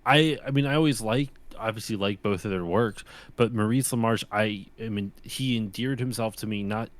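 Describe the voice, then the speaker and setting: Man, lowish voice, casual chat, rambling storyteller, frequent restarts. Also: normal speed. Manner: rambling, restarts often, goofy impressions. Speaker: podcast co-host.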